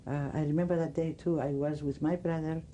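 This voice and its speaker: An older woman with a Greek accent, giving oral history testimony in halting speech, often searching for words. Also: deep voice, fairly even intonation, dark tone, a little hiss or hum, poor audio. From Greece. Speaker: interviewee.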